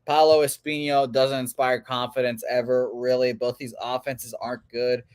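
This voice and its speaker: A man's voice: medium pitch, flat delivery, normal speed, smooth, no echo, clean studio sound. A man with a nasal voice co-hosting a betting show, blunt and joking while quoting stats and odds. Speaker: sports betting co-host. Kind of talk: casual betting talk.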